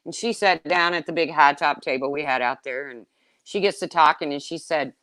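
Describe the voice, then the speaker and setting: A woman telling casual stories, swearing freely and swinging between loud exclaims and low asides. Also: brisk, no echo. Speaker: storyteller. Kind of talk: casual chat.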